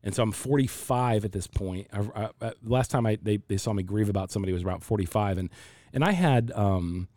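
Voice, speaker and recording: Low mellow guy in his 40s, pastor type, talks slow and thoughtful, lots of restarts, dry sound. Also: dry recording. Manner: reflective, halting with many restarts. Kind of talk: casual faith discussion.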